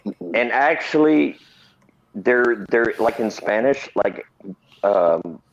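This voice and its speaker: American man, gravelly low voice, dull lo-fi sound, loose rambling group-chat talker. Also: animated, takes it slowly. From United States.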